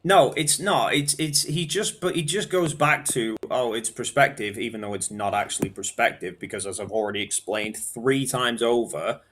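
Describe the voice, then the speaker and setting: A man's voice: medium pitch, fairly even intonation, moderate pace, hardly any pauses, background noise. A man explaining science patiently step by step during a live online debate.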